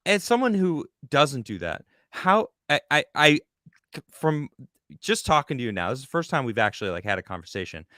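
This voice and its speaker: A male podcast host with a lively, swooping pitch and a bright, sharp tone. He chats casually and agrees readily with his guest. The voice sits dry and close to the mic. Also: a little fast, dry recording. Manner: animated, agreeable, chiming in often. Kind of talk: casual interview chat.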